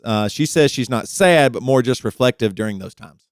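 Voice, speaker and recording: Laid-back guy cohost, chuckles a lot, middle pitch, super dry sound. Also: animated, moderate pace, clean tone, dry recording. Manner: easygoing, laughs often, restarts a lot. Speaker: podcast co-host. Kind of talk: casual advice chat.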